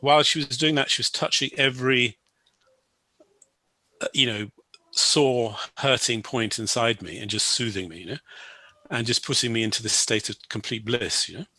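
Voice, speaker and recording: Male guest, crisp dry voice, meandering anecdote full of restarts. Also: mid-range voice, normal speed, sharp tone, no echo. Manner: rambling, full of "you know" and restarts. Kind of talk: personal storytelling.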